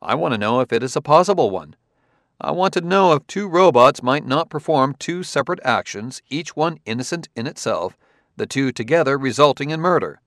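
A man's voice: medium pitch, lively intonation, fairly quick, fairly bright tone, dry recording, clean studio sound, pitched above the performer's own voice. A man reading a pressing, methodical Earthman detective. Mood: insistent. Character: sharp, insistent Earthman detective, male adult. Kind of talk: audiobook character reading.

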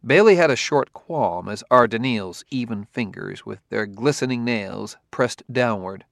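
A man narrating a novel in a steady, even storytelling manner. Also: mid-range voice, measured pace, creaky, dry recording, studio quality. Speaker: audiobook narrator. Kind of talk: scripted narration.

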